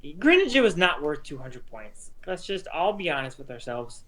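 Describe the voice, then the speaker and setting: A man's voice: a little high, sing-song, normal speed, crowd noise, rough recording. Rambling young man with filler words. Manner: rambling, lots of likes and ums. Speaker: league regular. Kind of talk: casual chat.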